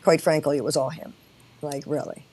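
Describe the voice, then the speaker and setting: A woman's voice: low-pitched, steady tone, normal speed, a little mellow, breathy edge, no room sound. A woman guest in an interview, speaking earnestly and with conviction in a casual conversation.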